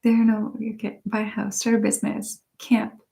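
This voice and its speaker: A woman hosting an ASMR live stream on binaural microphones, reading viewer comments aloud in a soft-spoken way while stifling giggles. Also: medium pitch, monotone, normal speed, creaky. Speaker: ASMR channel host.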